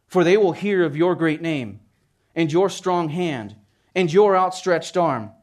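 Earnest preacher, man, slightly high voice. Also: animated, measured pace, darkish tone. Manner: earnest, emphatic preaching with pleading scripture reading. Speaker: pastor. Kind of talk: sermon.

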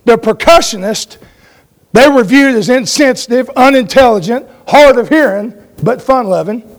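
A man's voice: extremely high pitch, animated, normal speed. A man preaching a sermon in a folksy way, telling stories and asking his congregation for an amen.

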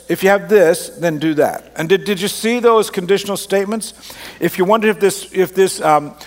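A man with a mixed Australian and Canadian accent, preaching a conversational, self-deprecating sermon from a church stage into a microphone. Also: high-pitched. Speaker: pastor. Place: large church auditorium on stage. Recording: long hall reverb.

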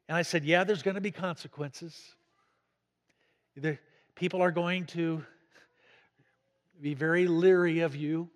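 A man's voice: a little high, steady tone, a little slow, pauses often. A male pastor preaching a storytelling sermon, swelling to emphasis, in an echoey church. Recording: echoey hall.

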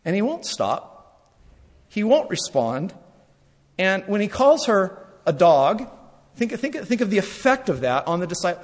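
A man preaching a sermon, repeating phrases for emphasis and swinging between loud and hushed. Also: high voice, very animated, a little slow, long pauses, in a large hall.

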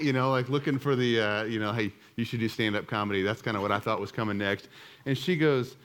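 A man's voice: mid-range voice, lively intonation, fast, a bit bright. A man in his thirties telling a personal story to a church group, casual and self-mocking, full of fillers and restarts. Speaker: church speaker.

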